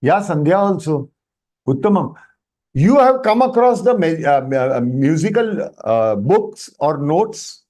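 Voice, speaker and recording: Speaking slowly in a mellow, slightly high voice with big swings in pitch, a man with an Indian English accent teaches Sanskrit on a video call. It's an online workshop where he explains through questions to his students and slips Hindi into his English.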